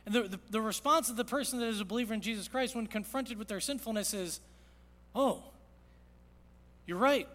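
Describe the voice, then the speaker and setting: A man preaching a sermon as pastor, earnest, moving from loud emphasis to hushed quiet. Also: high voice, quick pace, hardly any pauses. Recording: long reverb of a large hall.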